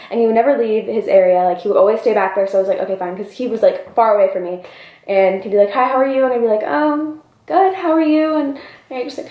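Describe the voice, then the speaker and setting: A young woman vlogger telling a story in an animated, breathless way, peppered with "like", in a roomy space. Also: mid-range voice. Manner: animated, breathless retelling full of "like". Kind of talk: storytime vlog.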